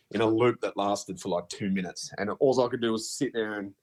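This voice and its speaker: A man in his thirties with an Australian accent, telling a ghost story as a podcast guest in a halting, hesitant way with many fillers. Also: lowish voice, darkish tone. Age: 30s. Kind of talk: casual storytelling.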